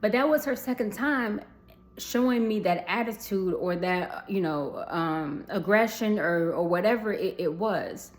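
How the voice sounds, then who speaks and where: A woman's voice: medium pitch, a little slow. A young adult woman telling a personal story to viewers in a casual storytime vlog, chatty, calling them y'all and swearing freely.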